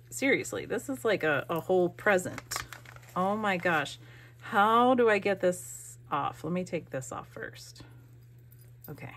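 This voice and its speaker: A woman's voice: medium pitch, a bit bright, slight background noise. A woman craft vlogger opening mail, who gushes, gasps and thinks aloud as she goes. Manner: gushing, gasping, thinking aloud. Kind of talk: casual unboxing chat.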